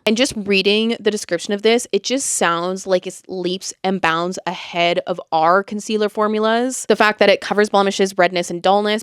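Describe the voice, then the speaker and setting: A woman's voice: mid-range voice, clear, resonant tone, no echo, studio quality. A woman hosting a beauty podcast, chatting casually with lots of "like". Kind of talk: casual chat.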